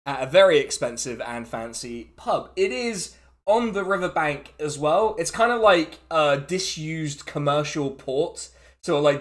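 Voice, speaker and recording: A man's voice: fairly high pitch, fairly bright tone. An English man narrating as dungeon master in a laid-back way, laughing often. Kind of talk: narrating a tabletop game.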